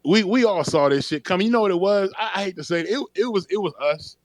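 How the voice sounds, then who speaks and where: This man speaks in a noticeably high voice and chats casually with friends. He tells stories with lots of energy, swears often and breaks into frequent laughter. His voice sounds close and dry. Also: fast, dry recording. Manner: laughing storyteller, profane and animated. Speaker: call-in discussion participant. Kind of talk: casual chat.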